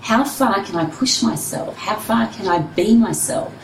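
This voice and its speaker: A woman's voice: medium pitch, animated, measured pace, creaky, reverberant, recorded from a distance, a little hiss or hum, rough recording. A woman, a personal trainer and runner, telling her story candidly and expressively in an interview.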